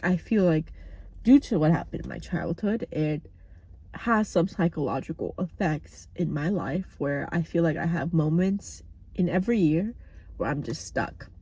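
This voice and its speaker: A young woman from the States records a personal video diary in her parked car. Her voice is mellow and slightly husky, sitting low for a woman. She speaks candidly and swears without holding back. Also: no room sound. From United States. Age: young adult. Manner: candid, outspoken, swears freely. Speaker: vlogger.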